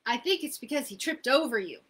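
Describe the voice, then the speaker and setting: A woman voicing a gentle, matter-of-fact male gorilla neighbor in a storybook reading. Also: high voice, expressive, brisk, breathy edge, exaggerated voice.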